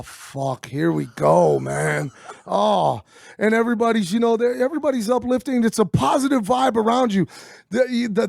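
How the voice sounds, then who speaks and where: A middle-aged man tells a story in a casual interview. His voice is high and gravelly, and he is recorded dry and close. He swears freely and acts out what people said. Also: no echo. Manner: animated, swearing, acts out quotes. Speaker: interview guest.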